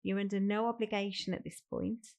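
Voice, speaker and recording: A woman's voice: medium pitch, flat delivery, fairly quick, vocal fry, darkish tone. A woman with a Birmingham accent, a fostering recruitment manager, explaining next steps kindly in a role-played phone call. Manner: friendly, reassuring, explains step by step.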